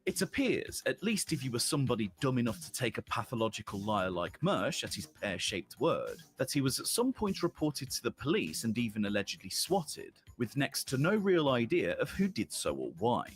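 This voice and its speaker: A man reading scripted documentary narration in a sardonic, wordy, mocking tone. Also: medium pitch. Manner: sardonic, elaborate wording.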